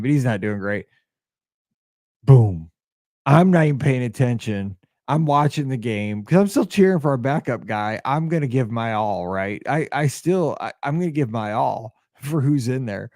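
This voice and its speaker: A man hosting a podcast, telling a story in a casual, excitable and openly emotional way, with lots of restarts. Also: mid-range voice, dry recording, clean studio sound. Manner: excitable, rambling sports storyteller. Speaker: podcast host.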